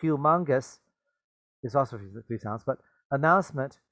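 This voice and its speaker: A man's voice: mid-range voice, expressive, normal speed, pushed and bright, no room sound. A man teaching a reading lesson, reading a story aloud and patiently explaining the words, often checking with "okay?" and "right?".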